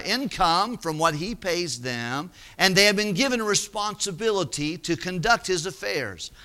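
Animated, high-voiced folksy preacher man. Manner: folksy, conversational, acts out voices. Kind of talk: sermon storytelling.

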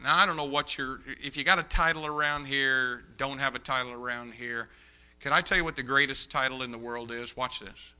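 A male pastor preaching a sermon, telling stories with animated dialogue and repeating his key points for emphasis. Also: mid-range voice, brisk, smooth. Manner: animated storyteller, acts out dialogue. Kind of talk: sermon with storytelling.

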